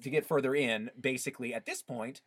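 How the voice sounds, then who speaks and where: Bright-voiced man in casual podcast chat. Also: mid-range voice, fairly quick, breathy edge, no room sound. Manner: chatty, rambling with many restarts. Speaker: podcast co-host.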